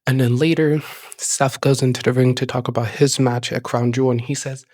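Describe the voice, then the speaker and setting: A man hosting a casual recap show, talking in an excited, rambling way full of "like" fillers. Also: medium pitch, fairly quick, dry recording, clean studio sound. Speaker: show host. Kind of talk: casual wrestling episode recap.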